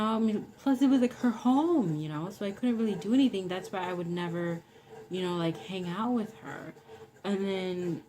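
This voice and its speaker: A woman's voice: on the low side, darkish tone, rough recording. A young woman telling a personal story in a rambling, casual way, full of "like" and "you know". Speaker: vlogger.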